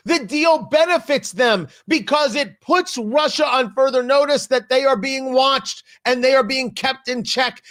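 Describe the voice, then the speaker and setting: A man hosting a political talk show, giving opinionated commentary and acting out quotes with sudden loud outbursts. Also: very high voice. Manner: animated, acts out quotes with sudden loud shouts.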